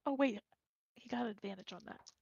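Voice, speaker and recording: A woman's voice: fairly high pitch, brisk, gravelly, a little mellow, slightly rough, no echo. A woman running a tabletop game as game master, narrating monster moves and laughing easily. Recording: dull lo-fi recording.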